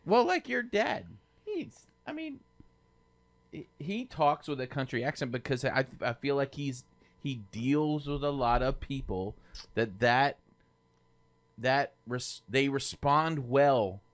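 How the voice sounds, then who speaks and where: A man's voice: medium pitch, animated, slow pace. Rambling man in casual chat. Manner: rambling, self-correcting. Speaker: podcast host.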